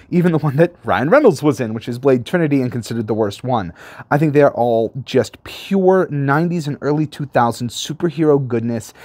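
A man casually talking through his favorite film moments with excitement. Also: mid-range voice, no echo. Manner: enthusiastic, gushing. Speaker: movie reviewer.

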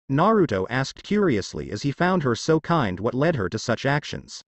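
A man's voice: medium pitch, big pitch swings, moderate pace, few pauses, no echo. Male story narrator, dry sound. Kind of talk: fan fiction read-aloud narration.

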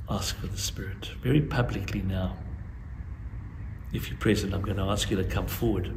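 An older man from South Africa preaching a sermon as guest preacher, earnest and pleading by turns, with lively storytelling. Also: lowish voice. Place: church sanctuary. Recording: echoey church with faint ambient noise.

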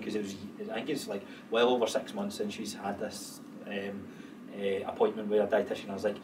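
A man's voice: fairly low pitch, flat delivery, a little fast. Swearing Scottish man telling stories. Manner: swears freely, laughs mid-story. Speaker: podcast co-host. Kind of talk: casual chat. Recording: distant mic with clear background noise.

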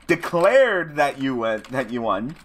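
Playing an online card game, this gaming channel host mumbles through his moves, then laughs and rants when his opponent quits, all in casual commentary. He speaks slowly in a sing-song, fairly bright mid-range voice, with slight background noise.

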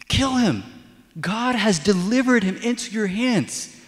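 A man shouting as frantic soldiers pushing for a kill. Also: high-pitched, expressive, unhurried, voice pushed up. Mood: urgent. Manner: shouting insistent urging. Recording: long church hall reverb.

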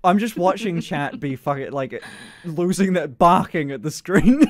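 A man's voice: high-pitched, lively intonation, a little slow. A young man streaming live, casually chatting, flustered and stammering with nervous laughs.

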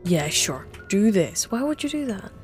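A woman's voice: medium pitch, sing-song, normal speed, darkish tone, faint music behind. A young woman streaming a horror game live, talking to her chat with jumpy remarks and plenty of swearing. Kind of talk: live gameplay commentary.

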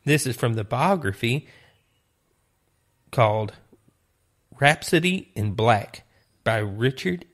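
A man teaching a Bible lesson, retelling stories in a deliberate, earnest way. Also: mid-range voice, animated, fairly bright tone. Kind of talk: sermon storytelling.

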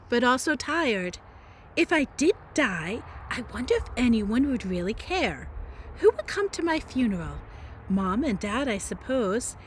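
A teacher reading a novel aloud in a dramatic, playful voice, with chatty asides. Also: female voice, fairly high pitch, slight background noise. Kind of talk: expressive read-aloud narration.

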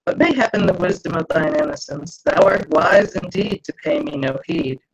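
A woman's voice: on the low side, animated, moderate pace, breathy edge. A woman author voicing a sly, coaxing male spirit who speaks in archaic, theatrical phrasing while reading her book aloud. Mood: brooding. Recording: dull lo-fi video call audio.

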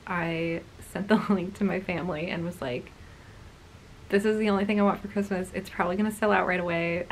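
A woman hosting a casual knitting podcast from home. She talks in a chatty, bubbly way and often drops into a soft near-whisper. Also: on the low side, gravelly, a little hiss or hum, rough recording. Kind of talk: casual chat. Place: home corner.

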